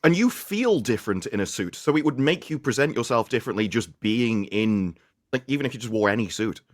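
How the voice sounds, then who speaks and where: A man's voice: medium pitch, expressive, fairly quick, no room sound. Opinionated male panelist, dry sound. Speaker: panel guest. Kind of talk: casual panel chat.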